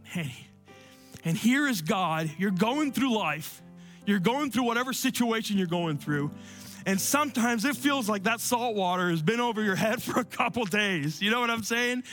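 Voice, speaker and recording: A man preaching a sermon and telling a personal story, often dropping to soft, low tones for emphasis. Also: animated, normal speed, faint music behind. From Cuban family. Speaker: pastor.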